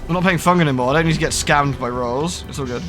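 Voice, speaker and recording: A man's voice: fairly high pitch, fast, fairly bright tone. A man streaming a game, chatting casually, swearing now and then, and reading the game's text aloud. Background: faint game music.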